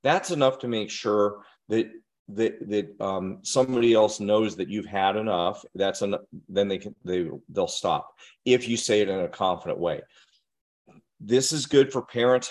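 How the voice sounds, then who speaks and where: Earnest low-voiced male instructor. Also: darkish tone. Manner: earnest, direct, addresses listeners with questions. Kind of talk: instructional talk to parents and educators.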